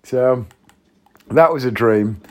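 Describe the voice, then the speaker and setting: A man's voice: medium pitch, slow, a little mellow. A man hosting a podcast, chatting casually and joking, rambling and easily sidetracked while playing a video game at home. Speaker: podcast host. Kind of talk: casual chat. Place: home, gaming while recording.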